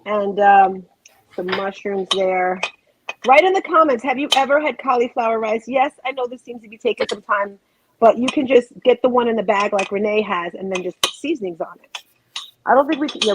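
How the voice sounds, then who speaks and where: A woman's voice: mid-range voice, noisy background. A woman hosting a home cooking show, chatting casually and rambling to viewers while she cooks.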